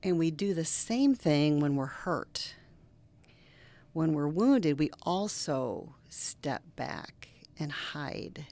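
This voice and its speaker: A middle-aged woman, a reverend, speaking as an interview guest and telling personal stories earnestly, now lively, now dropping to a soft near-whisper. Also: deep voice, slow. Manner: earnest, animated storyteller who drops to soft near-whispers. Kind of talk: interview conversation with personal storytelling.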